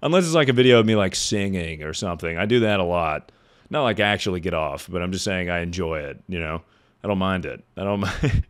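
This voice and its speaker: Male streamer, low announcer-ish voice, sarcastic, casual Q&A banter. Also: expressive, a little fast. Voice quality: deep voice. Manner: sounds like announcing things; sarcastic, joking asides. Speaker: livestreamer. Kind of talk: casual livestream Q&A chat.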